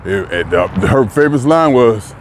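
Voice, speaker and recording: A man's voice: mid-range voice, expressive, measured pace, slight background noise. Blunt chuckling man in his sixties. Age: 60s. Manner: blunt and frank, chuckling often. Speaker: vlogger. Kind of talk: casual vlog monologue. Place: outdoors, walking.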